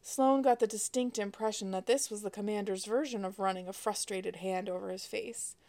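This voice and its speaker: Author-narrator, woman, wry expressive audiobook reading. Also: mid-range voice, moderate pace.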